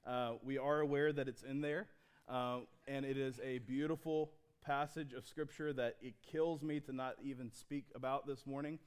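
A male pastor delivering a sermon to a church congregation. His voice is smooth and resonant at a middle pitch. He talks in an easy, conversational way, with restarts, and slows down to read scripture. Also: steady tone.

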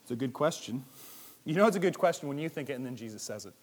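A man preaching a sermon in a lively, conversational way, firing rhetorical questions and swinging between loud and hushed. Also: mid-range voice, quick pace. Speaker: pastor.

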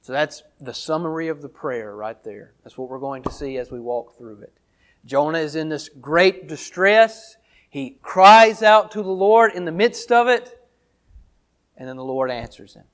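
A man with a notably high-pitched voice delivers a sermon. He reads a passage aloud, then walks his listeners through it verse by verse in an earnest, teacherly way, often circling back over his phrases. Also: lively intonation, a little slow. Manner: earnest teaching tone, repeats phrases while explaining. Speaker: pastor. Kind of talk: sermon, Bible reading and exposition.

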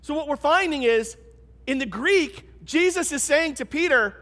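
A man's voice: very high-pitched, expressive, moderate pace, a bit bright. A man pastor preaching a sermon in a church, in a conversational, emphatic way. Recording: long reverb of a large hall.

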